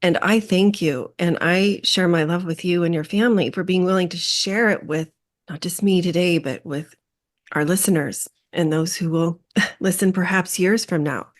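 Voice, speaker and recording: A woman hosting a podcast, speaking gently and affirmingly, pausing and restarting as she searches for words. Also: lowish voice. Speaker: podcast host and coach. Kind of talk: interview conversation.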